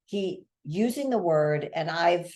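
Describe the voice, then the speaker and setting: A woman's voice: lowish voice, expressive, takes it slowly, warm tone. A woman in her fifties co-hosting a podcast, chatting casually and emphatically about a TV episode. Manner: chatty, emphatic, restarts often. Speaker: podcast co-host. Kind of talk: casual recap chat.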